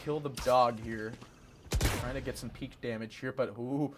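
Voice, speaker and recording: A man doing excitable play-by-play esports commentary, reacting fast and laughing often. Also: mid-range voice, crowd noise. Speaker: esports caster. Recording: noisy game audio behind.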